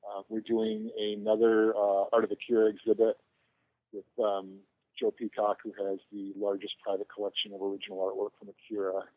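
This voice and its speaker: A man's voice: fairly low pitch, completely flat delivery, normal speed. A man guesting on a podcast, telling long rambling anecdotes with self-mocking jokes. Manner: rambling, joking storyteller. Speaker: podcast guest, convention organizer. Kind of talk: casual podcast chat. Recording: tinny phone line.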